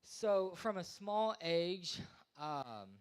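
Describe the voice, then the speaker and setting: A man's voice: high-pitched, lively intonation, extremely slow, clean tone. A man in his thirties doing rambling, self-deprecating stand-up at an open mic, acting out voices. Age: 30s. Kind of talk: stand-up comedy. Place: small live venue.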